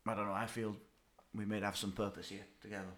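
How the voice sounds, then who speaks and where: A man's voice: fairly low pitch, level tone, quick pace, a bit bright. A man in improvised role-play, talking in an earnest, hesitant way and stumbling over words.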